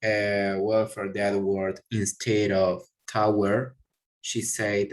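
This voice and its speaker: Slow, hesitant male student. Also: fairly low pitch, flat delivery, low-quality recording. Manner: hesitant, fills with "uh". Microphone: video call.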